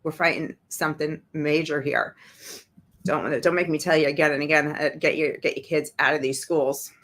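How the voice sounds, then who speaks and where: Sarcastic fired-up woman doing her livestream show, lowish voice. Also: steady tone, moderate pace, fairly bright tone. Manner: indignant, sarcastic. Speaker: show host. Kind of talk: livestream commentary.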